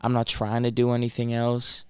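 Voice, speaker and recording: A man from Massachusetts, a rapper guesting on a podcast, talking casually in a soft-spoken way while searching for his words. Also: medium pitch, completely flat delivery, moderate pace, clean tone, no room sound, clean studio sound. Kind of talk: casual chat.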